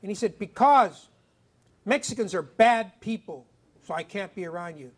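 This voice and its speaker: Middle-aged male author, very high voice, animated and punchy, addressing students. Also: normal speed. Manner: animated, emphatic, acts out dialogue. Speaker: author speaking at a school. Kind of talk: motivational storytelling talk. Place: middle school assembly.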